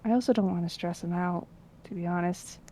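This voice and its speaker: A woman's voice: lowish voice, a little fast, dark tone, a little hiss or hum. A woman player in a tabletop role-playing game, describing her character's actions in a casual, chatty way. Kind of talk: tabletop role-play narration.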